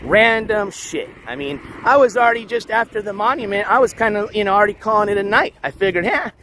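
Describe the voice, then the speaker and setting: A man hosting a casual walking livestream outdoors, reading the chat aloud, shouting thanks for donations, and losing his voice. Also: high-pitched, animated, fast talker. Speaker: livestream host. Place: outdoors on city streets, walking dogs. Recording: faint street noise outdoors.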